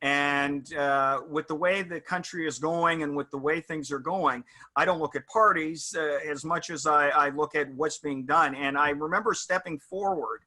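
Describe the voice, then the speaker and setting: Pitched slightly above the usual male range, this middle-aged interview guest has a strongly bright, forceful sound. In relaxed conversation he meanders through reflective stories, pausing and picking back up as he goes.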